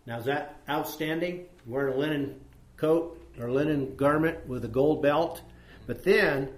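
A man's voice: fairly high pitch, unhurried. A man teaches a small Bible study group, reading verses aloud and turning to the group with questions. His manner is conversational and plain, with scattered fillers. The sound is echoey, as if recorded in a hard-walled room.

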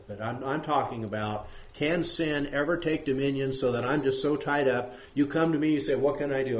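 A man's voice: medium pitch, a little fast, hardly any pauses. A man teaches scripture to a small group, his voice sitting in the middle range. He wanders into side stories and keeps asking questions. The room around him rings with echo. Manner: rambling, asks the group questions, many fillers. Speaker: Bible teacher. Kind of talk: conversational Bible study sermon. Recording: echoey room.

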